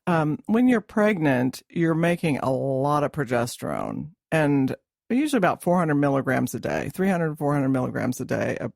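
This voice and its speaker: A middle-aged woman talks through hormone changes in a steady, explanatory way, pausing on small fillers. Her voice has a gravelly, creaky edge. The sound is dry and close, with no room echo. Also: low voice. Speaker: podcast co-host, hormone expert. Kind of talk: casual chat.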